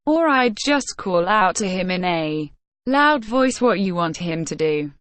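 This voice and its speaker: An eager young servant who talks plainly and deferentially, as a woman reads him, slow and unhurried, close to the mic. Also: lowish voice, expressive, a bit bright, no room sound. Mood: earnest.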